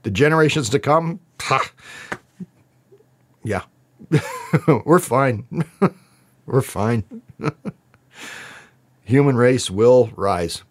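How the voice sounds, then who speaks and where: A man speaks straight to his camera about song lyrics that move him deeply. His voice sits at an ordinary, mid-range pitch. He talks earnestly and spiritually, and breaks into laughs often. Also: expressive, very slow, pauses often. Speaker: vlogger reacting to song lyrics. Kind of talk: heartfelt lyric reaction commentary.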